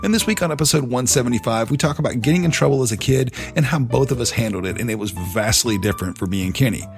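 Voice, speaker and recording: A man's voice: medium pitch, quick pace, soft background music. A man co-hosting a casual podcast, telling profane childhood stories and acting out his family. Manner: storytelling, swearing, acting out family members. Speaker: podcast co-host.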